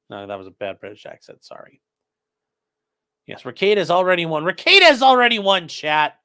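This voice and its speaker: A man's voice: sits high, very animated, moderate pace, sharp tone. Sarcastic man reading out chat messages. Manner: sarcastic, reads donor messages aloud. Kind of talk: casual commentary stream.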